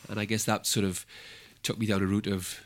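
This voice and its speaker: A Welsh man with a very low voice talks about his music as a guest. He is laid-back and hesitant and laughs easily. The sound is close and dry. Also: little pitch movement, brisk, no echo. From South Wales. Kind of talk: casual interview.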